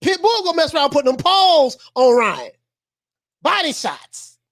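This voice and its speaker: A woman doing casual livestream boxing commentary, animated, repeating herself and laughing often. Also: high-pitched, moderate pace.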